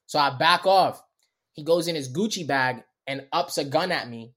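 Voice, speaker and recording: A man, a comedian guest, telling a story on a podcast in animated, profane street slang. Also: fairly high pitch, moderate pace. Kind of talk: storytelling in casual chat.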